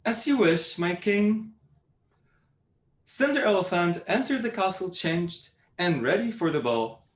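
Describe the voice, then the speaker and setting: A young actor plays a cheeky court jester telling a comic fairy tale on stage, in a playful, mid-pitched voice. The room gives the voice a clear echo. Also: expressive, unhurried, close to an everyday voice. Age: young adult. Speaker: jester narrator.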